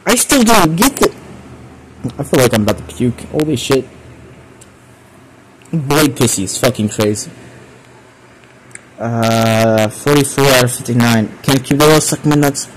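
A young male streamer reading messages aloud to his viewers. He talks in a middling pitch and reacts with loud, exasperated swearing and sudden yelps. A faint hiss of noise sits under his voice. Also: animated, unhurried, long pauses, poor audio. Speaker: streamer host.

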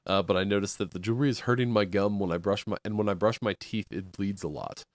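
A man with a lowish voice who co-hosts a casual live stream and reads viewer comments aloud. His replies are short and agreeable. The recording is dry and close-miked. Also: fast talker, no echo. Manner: easygoing, brief agreeing replies. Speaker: co-host reading viewer questions.

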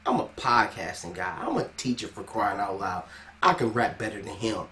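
Dude reacting to a song, aave, voice jumps around a lot, bright tone. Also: male voice, lowish voice, normal speed, slight background noise. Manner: animated, exclaiming and laughing. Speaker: reaction video host. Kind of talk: casual reaction commentary.

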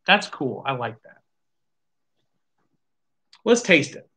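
Brief: lively tasting-show host, bright tone, offhand swearing, thinks out loud. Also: mid-range voice, slow. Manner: animated, swears casually, thinks aloud. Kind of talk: casual live tasting chat.

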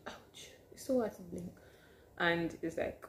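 A woman telling a personal story to camera in a casual vlog, animated and sometimes dropping to hushed asides. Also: lowish voice, measured pace, vocal fry, a little hiss or hum. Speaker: vlogger.

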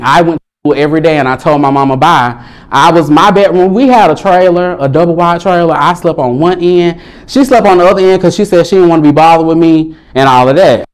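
A young Southern man speaks in a fairly high voice while giving a personal storytelling speech. His delivery is animated and playful, with sudden high excited bursts between calmer stretches. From Alabama, US. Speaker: motivational speaker.

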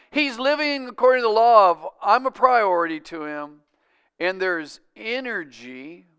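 A male pastor preaching a sermon, calling out for amens and swinging from loud, urgent bursts to hushed, quiet lines. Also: high voice, clean tone. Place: church sanctuary.

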